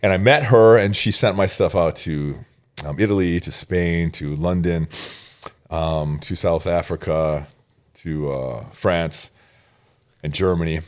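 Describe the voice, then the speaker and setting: A man in his fifties, a podcast guest telling stories in a casual interview, animated, laughing often and repeating phrases. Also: sits low, unhurried.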